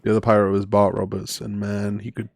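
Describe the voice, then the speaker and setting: A man's voice: fairly low pitch, monotone, brisk, vocal fry, dry recording. Laid-back young male streamer, dry sound. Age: 20s. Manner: laughs often, rambling with many fillers. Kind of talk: casual live-stream chat.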